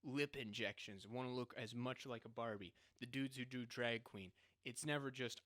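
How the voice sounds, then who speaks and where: A man's voice: medium pitch, normal speed, hardly any pauses, a bit bright, no room sound, studio quality. A young man with a mocking tone, co-hosting a casual podcast chat and laughing often. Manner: mocking, laughs often, breaks into put-on voices. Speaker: podcast co-host.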